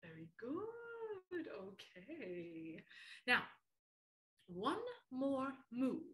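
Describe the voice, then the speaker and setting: Friendly three-eyed monster lady as a woman puts her on, high and bright, playful, slow, children's theater class. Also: very animated, roomy sound, full character voice. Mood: encouraging. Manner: slow, playful and theatrical, counting moves aloud.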